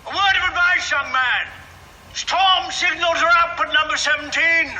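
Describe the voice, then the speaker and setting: A man's voice: very high-pitched, normal speed, background noise. An actor playing a pompous older naval officer who barks his words.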